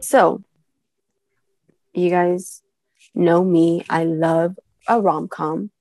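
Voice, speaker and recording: A woman's voice: on the low side, fairly even intonation, drawn-out words, darkish tone, soft background music. A woman co-hosting a podcast, gushing and giggly as she reviews books in casual chat. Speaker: podcast co-host.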